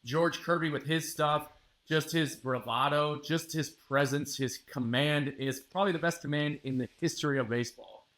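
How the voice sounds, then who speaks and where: A man guest on a sports podcast giving confident, emphatic analysis at a measured pace. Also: a little high, fairly bright tone. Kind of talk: interview analysis.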